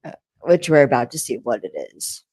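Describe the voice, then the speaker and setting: A woman's voice: a bass voice, animated, fairly quick, warm tone, a little hiss or hum, rough recording. A young woman co-hosting a podcast, retelling a TV episode's plot in a rambling, chatty way with frequent fillers. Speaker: podcast co-host. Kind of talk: casual episode recap chat.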